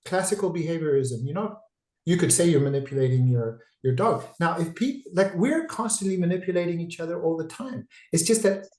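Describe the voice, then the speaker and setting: A man's voice: on the high side, animated, brisk, darkish tone, echoey room, rough recording. A man, a psychiatrist, giving a conversational webinar talk over a video call, digressive and full of restarts. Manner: talkative, digressive, with frequent restarts.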